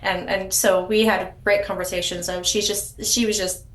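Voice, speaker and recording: A woman telling her surrogacy story as a podcast guest, warm and rambling, often restarting her sentences. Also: medium pitch, level tone, normal speed, reverberant. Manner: warm storytelling, frequent restarts and repeated words. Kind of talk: casual interview chat.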